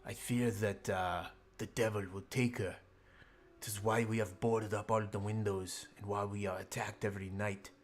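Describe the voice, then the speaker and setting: A man's voice: on the low side, flat delivery, close to an everyday voice. A man doing a weary young nobleman. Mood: grave. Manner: slow, halting delivery with long pauses. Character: grieving young nobleman, proud but weary.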